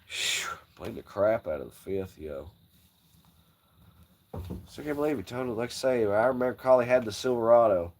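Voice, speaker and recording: A man chats on a livestream, spinning profane, wandering stories about trucks and home. His voice sits at an ordinary mid pitch, and he breaks off into laughs often. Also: animated, moderate pace, long pauses, slight background noise. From Southern United States. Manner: crude, rambling storytelling with frequent laughs. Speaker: livestream host. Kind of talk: casual chat.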